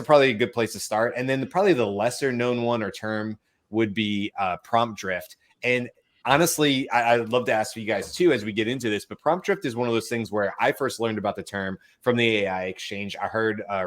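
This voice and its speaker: A man hosting a podcast panel, telling stories in a casual, animated way and acting out the quotes. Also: lowish voice. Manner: animated storyteller, acts out quotes. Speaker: podcast host.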